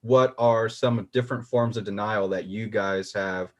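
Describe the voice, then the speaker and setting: A man's voice: lowish voice, fairly even intonation, a little slow. A man co-hosting a casual chat who jokes, acts out little scenarios and reads questions with many fillers. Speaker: co-host.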